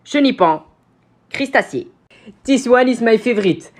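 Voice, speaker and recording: A man's voice: extremely high pitch, very animated, moderate pace, pauses often, fairly bright tone. A Belgian man with a French accent who talks to the camera in casual, playful chat, giggling often and cooing at animals. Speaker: video creator.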